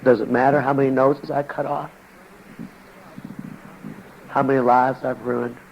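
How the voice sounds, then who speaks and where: A man's voice: mid-range voice, flat delivery, a little slow, creaky. A man preaching his testimony to a congregation, telling it in a folksy, plain-spoken way with slang. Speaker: evangelist preacher. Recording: dull lo-fi recording with faint background noise.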